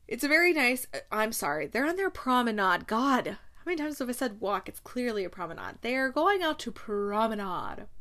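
A woman hosts a casual book-chat podcast in a bubbly, gushing way. She darts into quick asides and laughs often. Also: a little high, bright, forceful tone. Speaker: podcast host.

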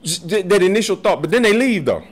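This podcast guest, a martial arts master aged 40 or more, talks fast in a high-sitting voice. He swears freely and keeps laughing as he tells his stories in a relaxed, lively chat.

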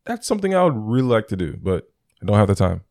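A man's voice: on the low side, sing-song, quick pace, darkish tone, no echo, clean studio sound. A young man telling stories in casual chat, acting out both sides of his phone calls.

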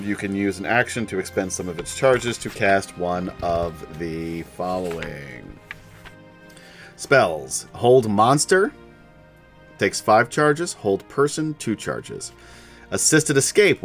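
A man running a tabletop game as game master, rambling with fillers and laughs. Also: deep voice.

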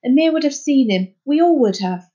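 A woman's voice: high voice, lively intonation, fairly quick, dark tone, highs cut off, pitched above the performer's own voice. A woman voicing a practical, bossy girl who speaks curtly and takes charge. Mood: urgent. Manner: curt, commanding.

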